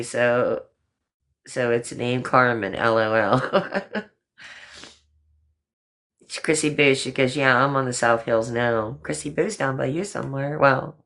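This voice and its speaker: A woman's voice: very deep voice, a little slow, fairly bright tone. An older woman hosting a casual livestream chat, talking affectionately to viewers and a guest, with a habit of swearing lightly. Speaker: livestream host.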